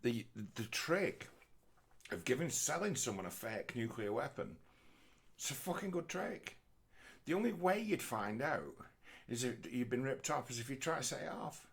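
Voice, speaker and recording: A man's voice: mid-range voice, big pitch swings, moderate pace, vocal fry, slightly rough. A middle-aged man telling a rambling, sweary comic monologue, breaking into mocking voices. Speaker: comedian. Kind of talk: rambling stand-up style monologue.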